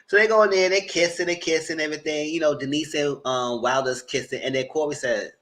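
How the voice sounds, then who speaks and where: A man giving a live commentary on a reality dating show, retelling scenes and talking back to the people in them in a sassy, animated way. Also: fast talker, hardly any pauses. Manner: jumps to high squeals and laughing bursts.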